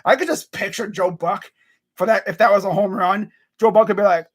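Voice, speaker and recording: A man's voice: sits high, fairly even intonation, a little fast. A young man hosting a casual sports rant, exasperated and repeating himself as he vents. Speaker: sports channel host.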